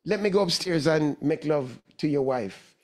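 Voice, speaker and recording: A man doing a sly genie, lower pitched. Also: lively intonation, close to an everyday voice. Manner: joke telling, halting restarts. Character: boastful freed male genie, pleased and bargaining.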